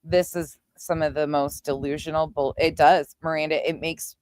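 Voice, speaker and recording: A woman's voice: low voice, steady tone, moderate pace, darkish tone, no echo, studio quality. A woman host doing heated commentary on clips, talking straight to her viewers and swearing as she reacts.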